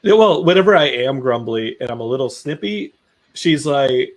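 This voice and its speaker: A man's voice: on the high side, very animated, normal speed. A man joking wryly with friends on a casual stream. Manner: joking, wry. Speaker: stream regular. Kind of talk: casual chat.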